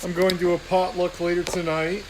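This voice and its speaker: A man chatting casually and then narrating a novel aloud, relaxed with small self-corrections. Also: high-pitched, moderate pace, background noise. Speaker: audiobook reader. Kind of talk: casual chat and story narration.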